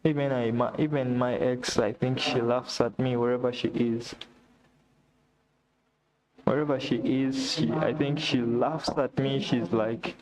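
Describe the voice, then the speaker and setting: A man's voice: mid-range voice, steady tone, unhurried, crowd noise. A man from Uganda, speaking on a live vlog stream in a despairing, repetitive lament addressed to God. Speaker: vlogger. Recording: noisy background with clicks.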